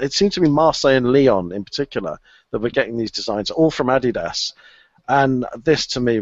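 A man's voice: medium pitch, dry recording. A man co-hosting a podcast, chatting casually and gushing about a favourite item, rambling with restarts and laughs. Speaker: podcast co-host. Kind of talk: casual chat. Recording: dull lo-fi podcast audio.

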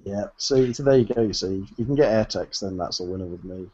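A man's voice: lowish voice, brisk, mellow, slightly rough. Jokey man rambling on a podcast. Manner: jokey and rambling, laughs between points. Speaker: podcast co-host. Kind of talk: casual chat. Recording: dull lo-fi sound.

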